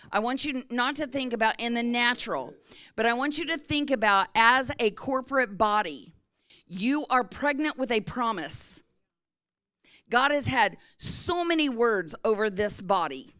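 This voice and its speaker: A middle-aged woman pastor preaches in a chatty, storytelling manner. She keeps pausing to check in with her listeners, asking if they follow. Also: fairly high pitch, fairly bright tone. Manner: conversational storytelling with frequent check-ins to the congregation. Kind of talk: sermon.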